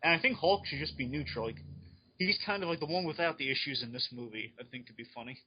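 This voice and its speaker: A man in casual chat on a fan podcast, excitedly rambling through his speculation. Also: mid-range voice, fast talker, slight background noise. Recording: dull lo-fi recording.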